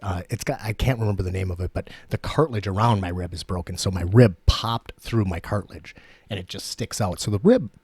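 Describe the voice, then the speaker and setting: A podcast co-host with a deep, husky, darkish voice talks a little fast in a studio with no echo. In casual chat, he spins a long, rambling story packed with swearing and fillers.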